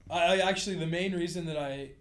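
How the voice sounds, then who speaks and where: A Canadian man chatting as a podcast guest, relaxed and self-deprecating, often chuckling. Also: fairly high pitch, quick pace. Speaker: podcast guest, rugby player. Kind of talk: casual chat. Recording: roomy echo.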